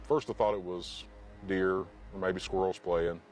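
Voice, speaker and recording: A man's voice: sits low, fairly even intonation, measured pace, a little mellow, soft background music. A middle-aged man recounting his experience in an interview, plain-spoken and hesitant. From Kentucky. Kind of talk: interview storytelling.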